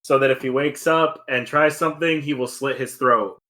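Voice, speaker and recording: A man playing a tabletop game, talking casually and a bit haltingly. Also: mid-range voice, fairly even intonation, sharp tone. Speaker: player.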